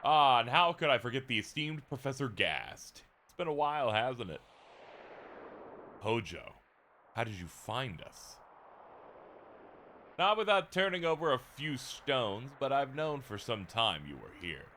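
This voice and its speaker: Man voicing a creepy scientist, gloating, taunting, lively pitch. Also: a little slow, long pauses, a little hiss or hum. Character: sly creepy male scientist, gloating and cold. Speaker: let's play streamer reading dialogue.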